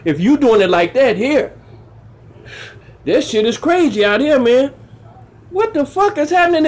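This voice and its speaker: A male stand-up comic spinning profane street stories. His delivery is loose and animated, swinging from low mutters up into high, yelling exclamations. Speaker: stand-up comedian. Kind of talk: stand-up storytelling.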